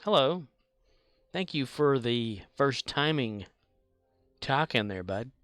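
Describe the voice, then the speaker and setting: A man's voice: medium pitch, lively intonation, slow pace, a bit bright, no echo, studio quality. A man casually chatting while he streams a space game, laughing often and answering his chat.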